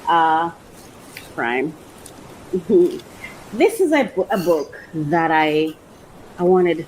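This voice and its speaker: A woman life coach hosting a casual unboxing vlog, talking in a gushing, animated way and laughing often. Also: on the low side, slow, long pauses, noisy background.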